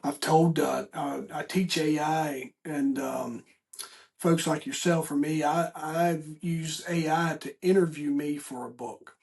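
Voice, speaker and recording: A middle-aged male podcast host with a gravelly, slightly high voice. He talks in a folksy, rambling way, doubling back on his words as he chats with a guest. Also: steady tone, slow pace, a little mellow. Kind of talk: casual interview chat.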